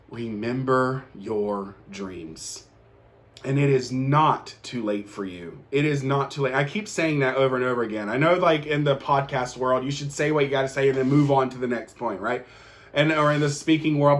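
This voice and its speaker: A man hosting his own show, delivering an earnest motivational monologue to the viewer, repeating encouragements and often restarting his sentences as he gets emotional. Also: fairly high pitch. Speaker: host.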